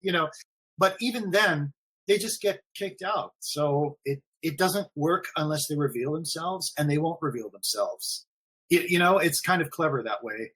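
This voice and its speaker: Brief: husky, slightly higher-voiced man, chatty forum admin on a stream, rambles and repeats. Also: normal speed, fairly bright tone. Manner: rambling, repeats himself, frequent fillers. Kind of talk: casual live-stream conversation.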